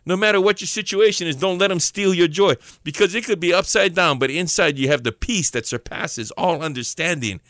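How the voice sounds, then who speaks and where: A man preaches an informal devotional message in a bright, forceful voice. He is earnest and slows down to repeat his key lines for emphasis. The sound is close and dry, with no room around it. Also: high-pitched, no room sound.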